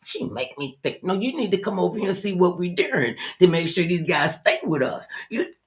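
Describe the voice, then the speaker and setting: An older woman hosting an interview show, chatting in a lively, animated way and telling stories. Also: lowish voice, fairly quick. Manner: animated, storytelling, acts out other people's voices. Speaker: talk show host.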